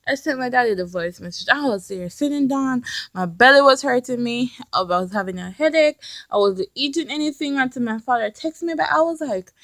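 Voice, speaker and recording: Young woman, storytime vlog, excited retelling, bright voice, fairly high. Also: fairly quick, no room sound. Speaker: vlogger.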